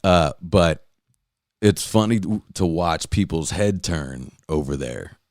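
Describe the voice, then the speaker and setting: A man's voice: low-pitched, expressive, slow, a little mellow, dry recording, clean studio sound. A man hosting a podcast, ranting casually and profanely, rambling with many fillers and restarts. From California. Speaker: podcast host. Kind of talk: casual rant.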